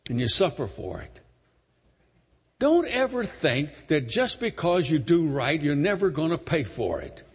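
A man preaching a sermon, retelling a story dramatically, emphatic and swinging between loud and soft. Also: a little high, sing-song, a little slow, husky. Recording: long hall reverb.

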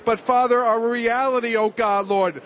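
A man's voice: extremely high pitch, fairly even intonation, moderate pace, fairly bright tone, slight background noise. A man, a church elder, leading a congregation in rhythmic spoken prayer with constant refrains. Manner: rhythmic prayer, repeating "oh God, Lord".

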